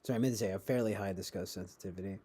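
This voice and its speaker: A man hosting a casual livestream, responding to chat in a rambling, halting way with many restarts and occasional chuckles. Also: low-pitched, dark tone, slightly rough. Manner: chuckles often while talking. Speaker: livestream host reading chat.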